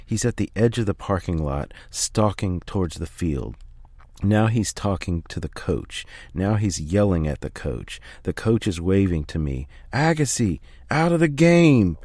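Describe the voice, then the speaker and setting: Man, very low voice, steady memoir reading, dry close recording. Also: unhurried, no room sound. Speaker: audiobook reader. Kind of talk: first-person memoir reading.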